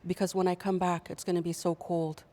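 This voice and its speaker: A woman voicing Snow, a small, hurt female spirit who threatens bitter cold, in a slow, even storytelling delivery. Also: on the low side, natural voice. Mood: hurt, threatening. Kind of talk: oral storytelling.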